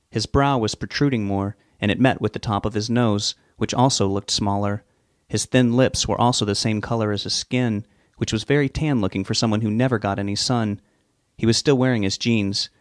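Steady male audiobook narrator. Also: on the low side, dry recording, clean studio sound.

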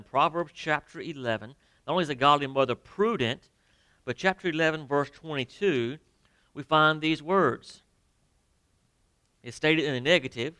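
A male pastor preaching with a bright, crisp and clean voice, recorded dry and close. He swings from quiet, drawn-out emphasis to loud, raised phrases and speaks straight to his congregation. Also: mid-range voice, no echo. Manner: emphatic preaching, pauses and drops to near quiet; addresses the congregation directly with questions. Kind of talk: sermon. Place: church sanctuary.

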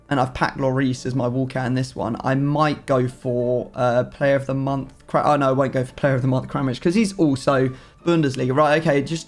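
A man hosting a gaming video, chatting casually and mocking himself with easy banter. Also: mid-range voice. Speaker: gaming YouTuber host.

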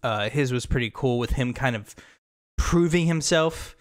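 A man co-hosting a casual gaming podcast, talking in an animated way, swearing casually and laughing as he acts out scenes. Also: mid-range voice, moderate pace. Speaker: podcast co-host.

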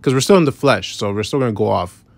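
Bible teacher, male, lowish voice, casual explaining with constant "right?", dry close recording. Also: animated, creaky, no room sound. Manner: reads verses slowly, then explains with repeated "right?". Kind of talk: informal scripture lesson.

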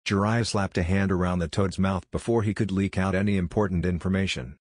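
A man narrating a fan-fiction story aloud in an even, unhurried reading. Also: sits low, dry recording, clean studio sound.

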